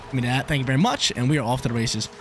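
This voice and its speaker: A young man giving live commentary over his own online soccer game, excitable and swinging between hype and frustration. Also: medium pitch, very fast, over music. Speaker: gaming YouTuber.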